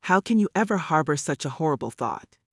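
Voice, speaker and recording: A man voicing a fretful, devout elderly great-aunt in an audiobook who scolds with rapid, worried questions. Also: on the high side, animated, no room sound, studio quality. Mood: scolding. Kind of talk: audiobook character voice.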